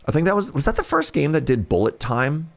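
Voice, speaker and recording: A young man chatting casually on a live stream, rambling and jumping in pitch when something excites him. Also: brisk, vocal fry. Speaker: streamer reacting to a game showcase.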